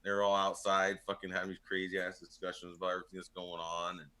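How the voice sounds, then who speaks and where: Casting: man with a low, bright voice for a loose, profane podcast storyteller. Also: flat delivery, fast. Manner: rambling storyteller, swears a lot, laughs often. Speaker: podcast panelist. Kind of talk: casual chat.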